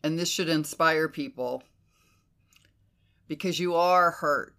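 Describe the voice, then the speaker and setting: A woman hosting a casual conversation, animated and emphatic, who swears freely and slips into quoted inner voices. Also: low-pitched, takes it slowly. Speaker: podcast host.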